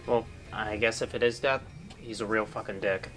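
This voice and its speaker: A man's voice: fairly low pitch, steady tone, moderate pace, lightly acted. A man voicing a sarcastic young store clerk in a cartoon, dry and skeptical. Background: music.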